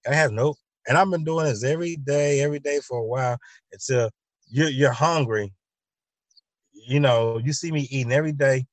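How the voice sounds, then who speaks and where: A show host with a medium-pitched male voice tells a loose, repetitive comic monologue, acting out both sides of imagined conversations and restarting often. The recording is dry.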